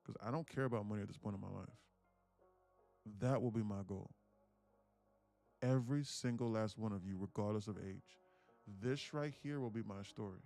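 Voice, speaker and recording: Gravelly man ranting on a live stream. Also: fairly low pitch, moderate pace, pauses often, warm tone, soft background music. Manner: profane, ranting and motivational. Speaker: day trading streamer.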